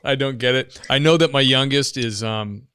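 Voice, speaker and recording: A man in his thirties hosting a casual interview podcast, an animated storyteller who acts out the lines he quotes. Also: mid-range voice, moderate pace, clear, resonant tone, dry recording, studio quality. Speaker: podcast host, former police officer.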